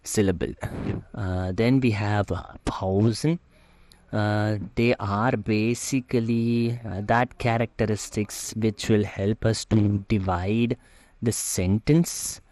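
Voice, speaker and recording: Slow, low-voiced man lecturing. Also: fairly even intonation, a little mellow. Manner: slow, hesitant, many "uh" fillers. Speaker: German language teacher. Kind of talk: slide-based lecture.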